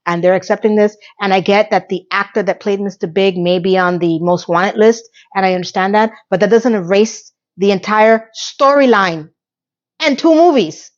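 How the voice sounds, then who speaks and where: A woman recapping a TV episode in an animated, exasperated rant, sarcastic and talking straight to her viewers, a little hoarse from losing her voice. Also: mid-range voice, muffled recording. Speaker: TV recap vlogger.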